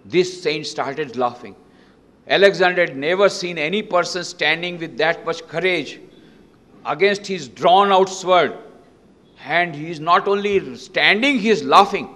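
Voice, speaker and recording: A man's voice: on the high side, measured pace, bright, forceful tone. A man telling a story dramatically and emphatically during a lecture to an audience. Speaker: monk lecturer. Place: lecture hall. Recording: long reverb in a lecture hall.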